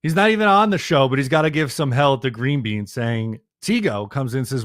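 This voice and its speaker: A man's voice: medium pitch, brisk, no room sound, studio quality. A man from Long Island hosting a casual sports podcast, easygoing and steering the talk. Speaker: podcast host.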